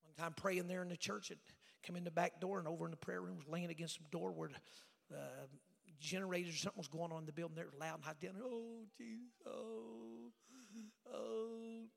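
Male revival evangelist, high husky voice, fiery to whispered, folksy; church hall reverb. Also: steady tone, fast. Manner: fiery, swinging from loud shouts to hushed near-whispers; folksy, joking asides. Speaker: evangelist preacher. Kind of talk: revival sermon. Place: church sanctuary. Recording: long hall reverb with faint music.

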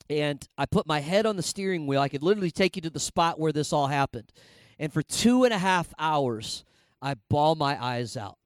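High-voiced man preaching a story. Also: dry recording. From Indiana. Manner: storytelling, animated, conversational with frequent fillers. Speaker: pastor. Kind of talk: sermon.

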